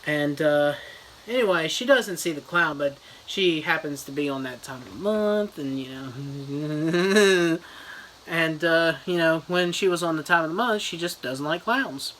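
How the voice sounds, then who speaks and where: A man's voice: fairly high pitch, animated, moderate pace, sharp tone, a little hiss or hum, rough recording. Rambling man joking through a fake review. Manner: rambling and crude, heavy on "you know" and "uh" fillers. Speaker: YouTuber reviewing a book.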